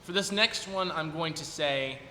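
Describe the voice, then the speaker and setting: A man's voice: fairly high pitch, unhurried, bright, forceful tone. A man in his twenties, a performer at his recital, chatting casually with the audience and thinking aloud as he goes. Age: 20s. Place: recital hall. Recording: long hall reverb, faint noise.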